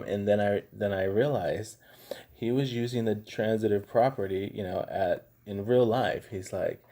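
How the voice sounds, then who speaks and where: Math teacher, middle-aged man, low mellow husky voice, easygoing anecdotal delivery. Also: moderate pace. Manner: relaxed, chatty, tells anecdotes with lots of fillers. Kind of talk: casual classroom lesson.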